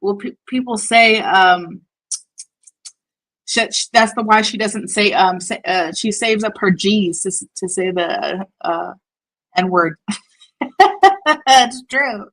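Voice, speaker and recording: A woman's voice: mid-range voice, slow pace, pauses often, a bit bright, low-quality recording. A woman streaming casual commentary, blunt and profane, rambling and laughing often while she multitasks on screen. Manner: distracted while working on screen.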